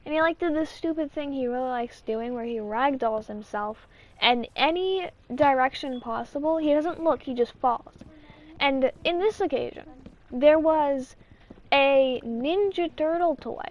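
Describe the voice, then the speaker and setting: Woman, high-pitched, casual storytime vlog host, rambling, restarts sentences. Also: unhurried. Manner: rambling, with restarts and acted-out quotes. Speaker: channel host.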